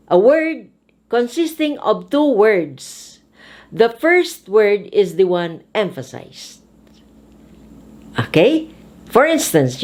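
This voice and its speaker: Slow, deliberate woman drilling pronunciation. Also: mid-range voice, darkish tone. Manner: slow, deliberate, repeating each phrase twice. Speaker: speech teacher. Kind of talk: pronunciation lesson with repeated drills.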